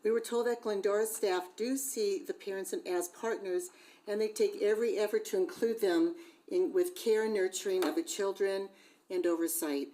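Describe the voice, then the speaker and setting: A woman's voice: mid-range voice, normal speed, mellow, poor audio. A woman reading a prepared public comment at a school board meeting, asking a series of pointed questions into a podium microphone. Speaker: parent speaking at public comment.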